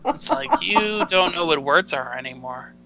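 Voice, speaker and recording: A man's voice: high-pitched, very animated, moderate pace, vocal fry, sharp tone. A man co-hosting a casual sports podcast, rambling and searching for words, poking fun at himself. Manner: rambling, loses words, self-deprecating. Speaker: podcast co-host. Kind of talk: casual hockey chat. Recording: dull, muffled mic sound.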